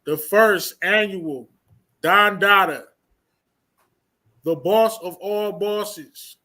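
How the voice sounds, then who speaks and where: Male host with a high, bright voice, casual, plays up announcements. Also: very slow. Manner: hypes up announcements, stretches big titles. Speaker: host of a review show. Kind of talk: casual hosted chat with announcer flourishes.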